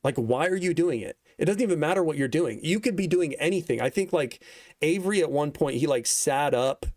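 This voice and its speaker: A man's voice: on the high side, expressive, fairly quick, a little mellow, no echo, clean studio sound. Laid-back, rambling young man telling a story. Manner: rambling, profane, laid-back with many fillers. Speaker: vlogger. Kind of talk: casual storytelling.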